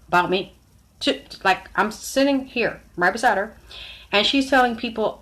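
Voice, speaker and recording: A woman's voice: medium pitch, moderate pace, a bit bright. A middle-aged woman vlogger telling a personal story to her viewers, blunt and frank, talking straight to them. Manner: blunt, frank, acts out others' lines in shifted voices.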